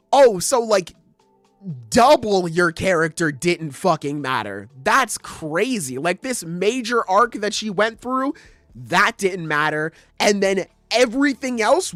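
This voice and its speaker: A man's voice: high voice, slow pace, no echo. Fired-up man ranting on a podcast. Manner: animated, profane, critical ranting with acted quotes. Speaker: podcast host. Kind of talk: casual podcast rant.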